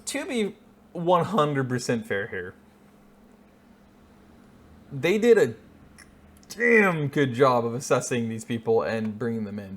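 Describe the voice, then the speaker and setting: Male reaction-video host: rambling, profane, chuckles at his own jokes. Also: mid-range voice. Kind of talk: casual reaction commentary.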